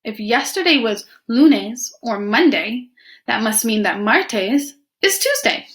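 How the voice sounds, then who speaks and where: A woman's voice: on the high side, very animated, slow pace, fairly bright tone. Woman teacher reading aloud to kids. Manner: clear, questioning the young listeners. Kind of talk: children's read-aloud.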